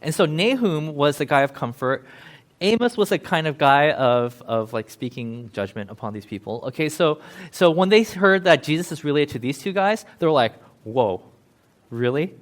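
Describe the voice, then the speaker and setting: A man giving a casual, joking sermon in a church, chatty and quick to laugh. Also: on the high side, expressive. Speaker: pastor.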